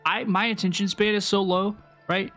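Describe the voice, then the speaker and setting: High-voiced and fairly bright, with a level tone and normal speed, this young streamer talks casually to his chat while playing a game. He rambles and keeps repeating himself, with soft music playing behind him.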